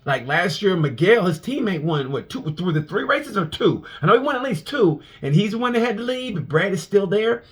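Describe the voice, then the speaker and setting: A man, a comedian, reviewing a motorcycle race in a casual, animated monologue full of restarts and profanity. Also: sits high, a little fast, few pauses, breathy edge.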